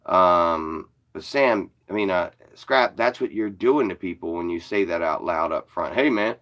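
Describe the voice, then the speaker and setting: A man's voice: low voice, a little slow, fairly bright tone. A man in his forties ranting bluntly to the camera, sarcastic and swearing often. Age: 40s. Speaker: YouTuber. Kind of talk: profane ranting commentary.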